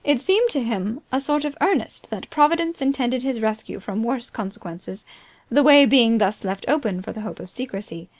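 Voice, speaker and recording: A woman reading a novel aloud as an audiobook narrator, in steady, even scripted narration. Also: a little high, normal speed, no echo.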